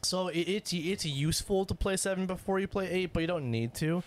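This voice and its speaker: A man's voice: high-pitched, a little fast. Upbeat man explaining a game casually. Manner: upbeat and explanatory, with frequent fillers. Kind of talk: casual chat reviewing a video game.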